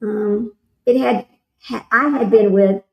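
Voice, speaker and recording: A woman's voice: mid-range voice, steady tone, slow pace, roomy sound, rough recording. A woman hosting a casual livestream, rambling and talking straight to her viewers. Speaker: livestream host.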